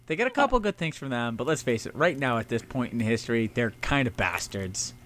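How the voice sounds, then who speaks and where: A man's voice: mid-range voice, a little hiss or hum. A man co-hosting a casual comedic history podcast, swearing a lot and acting out historical figures in goofy voices. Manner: profane, animated, acts out characters in goofy voices. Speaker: podcast co-host.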